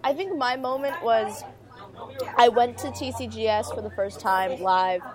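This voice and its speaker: A woman's voice: a little high, unhurried, a crowd in the background. Chatty teenage girl podcaster. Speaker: podcast co-host. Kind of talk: casual chat.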